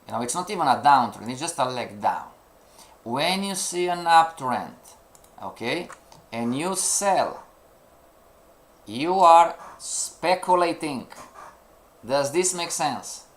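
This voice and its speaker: Slow-paced with long pauses, this man's voice sits on the high side, sounding animated and a bit bright. He is a trading instructor giving students a live lesson in non-native English, occasionally reaching for words and constantly checking comprehension with "you know" and rhetorical questions.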